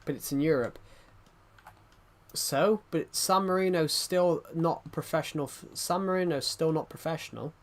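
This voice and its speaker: A man's voice: on the high side, moderate pace. A man chatting casually on a live stream, rambling and often restarting his sentences as he answers chat. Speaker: livestreamer reading chat.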